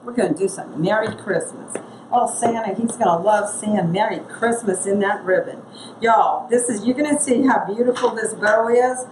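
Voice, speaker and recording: In an echoey room with some noise, a woman gives a relaxed craft demo at a moderate pace. Her voice is gravelly and medium in pitch, and she chats freely, thinking out loud as her hands work.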